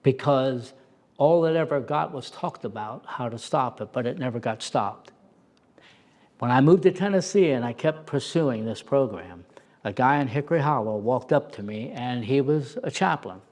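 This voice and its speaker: A middle-aged man telling stories as an interview guest, animated and acting out the voices he quotes. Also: medium pitch, moderate pace. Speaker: interview guest, former prison officer. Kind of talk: storytelling in a conversation.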